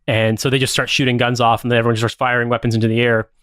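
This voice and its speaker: A man with a smooth, clear voice talks through a story in a loose, rambling way, swearing freely and leaning on filler words. His pitch sits in an ordinary middle range, and the sound is close and dry, with no room around it. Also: level tone, very fast, fairly bright tone, no echo. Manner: rambling, profane, many fillers. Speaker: podcast co-host. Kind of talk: casual plot recap.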